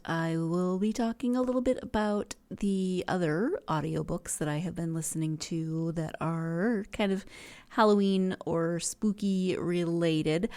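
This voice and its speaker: A woman hosts her own podcast in a loose, chatty way, wandering off and correcting herself as she goes. Her voice sits a bit low and sounds stuffy, as if she has just had a sneezing fit. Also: a little mellow. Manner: rambling, chatty, self-correcting. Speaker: podcast host. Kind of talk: casual solo podcast chat.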